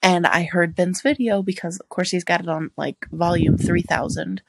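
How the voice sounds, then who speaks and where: A woman in her thirties co-hosting a casual podcast, telling blunt, deadpan stories about her family. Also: lowish voice, moderate pace, creaky, slight background noise. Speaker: podcast co-host. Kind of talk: casual chat.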